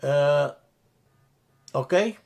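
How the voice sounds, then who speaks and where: A man teaching a language lesson from slides, slow and deliberate, repeating terms and correcting himself as he explains. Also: on the high side, darkish tone. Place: church classroom.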